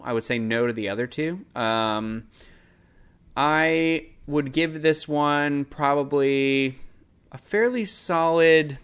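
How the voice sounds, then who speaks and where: A man's voice: medium pitch, a bit bright, smooth. A man hosting a podcast, reviewing a film in a casual solo monologue; he rambles, loses his train of thought and pokes fun at himself.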